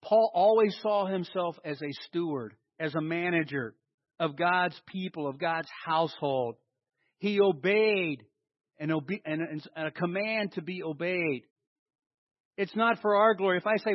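A male pastor delivering a sermon, swinging between loud emphasis and quiet asides, and leading the congregation in call and response. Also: sits high, a little slow, no echo, lo-fi sound. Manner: dynamic preaching with big swings in loudness and emphasis. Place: church hall with a congregation.

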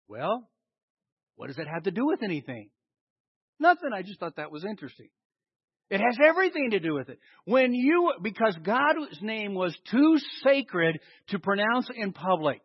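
The preacher's voice is high-pitched with a breathy edge. He animatedly quizzes the congregation and supplies the answers himself, and the dull lo-fi recording has no echo.

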